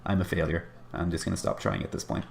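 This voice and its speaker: Male caster, deep and gravelly, casual wry play-by-play for a strategy game. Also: sing-song, quick pace, a little hiss or hum. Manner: chatty, wry, self-deprecating asides.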